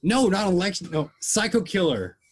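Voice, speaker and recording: A man's voice: sits high, sing-song, moderate pace, breathy edge. A young man hosting a casual podcast chat, telling rambling jokey stories. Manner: rambling, joking storyteller. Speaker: podcast host.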